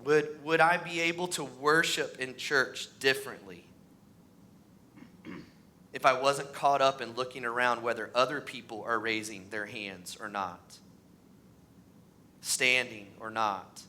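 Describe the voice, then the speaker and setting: A pastor in his thirties preaching a sermon in a church, animated and acting out the voices of the people in his stories. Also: measured pace, long pauses. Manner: animated, acts out voices, pitch rises on mocking lines. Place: church sanctuary.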